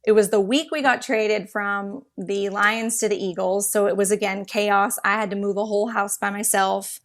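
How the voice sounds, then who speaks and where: A woman in her thirties, a podcast guest, telling animated, rambling stories with quick restarts. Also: medium pitch. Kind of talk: casual interview storytelling.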